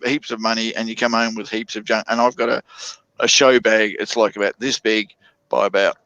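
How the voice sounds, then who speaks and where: Australian man in his 50s, low-pitched chatty guest, dry dull call audio. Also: a bit bright, no room sound. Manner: rambling, drawn-out storytelling with many fillers. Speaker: guest on a chat stream. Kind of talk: casual chat.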